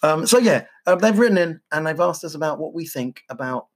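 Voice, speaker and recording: Low-voiced, husky woman co-host, animated and playful, giggly banter. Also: a little fast. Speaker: podcast co-host. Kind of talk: casual chat.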